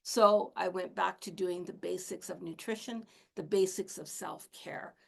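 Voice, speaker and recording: Woman, gravelly voice, casual spiritual teaching talk, candid and chatty, soft laughs. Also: lowish voice, fairly even intonation, unhurried. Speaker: shamanic healer and teacher.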